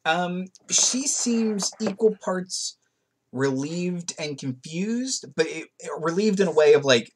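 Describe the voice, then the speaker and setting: A man acting as game master, describing a tabletop game's action in a lively way. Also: sits high, takes it slowly, slight background noise.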